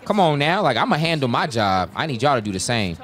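Excitable young man narrating gameplay. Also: medium pitch, fast. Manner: excitable, talks to teammates, shouts at big plays. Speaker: gaming YouTuber. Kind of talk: live gameplay commentary.

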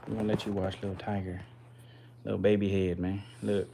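A man's voice: sits low, flat delivery, a little fast, gravelly, dark tone, slight background noise. Slangy, profane male stream host. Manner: slangy, profane, hyped banter. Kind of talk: casual live-stream commentary.

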